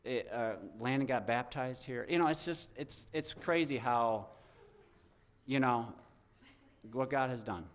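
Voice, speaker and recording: A man's voice: medium pitch, unhurried. A young man giving an informal, heartfelt testimony to a church congregation as a guest speaker, rambling with many restarts.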